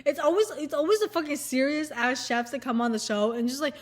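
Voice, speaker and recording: A young woman talking casually to camera in an animated, profane rant, sometimes mocking people in put-on voices. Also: high voice, fairly quick, few pauses. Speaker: vlogger. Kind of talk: casual ranting chat to camera.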